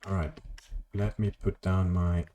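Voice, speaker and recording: A man's voice: low voice, level tone, unhurried, warm tone, slight background noise. A man streaming a video game, rambling casually to his chat and swearing at mishaps. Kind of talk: casual gameplay commentary.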